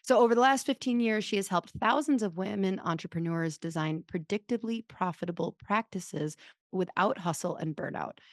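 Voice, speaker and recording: A woman's voice: mid-range voice, moderate pace, no echo, clean studio sound. A woman in her thirties hosting a podcast, telling stories in a rambling, self-deprecating casual chat. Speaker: podcast host.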